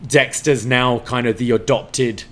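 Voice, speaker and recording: A man's voice: medium pitch, steady tone, unhurried, fairly bright tone. A man reviewing a wrestling show in casual podcast chat, giving enthusiastic analysis with frequent fillers.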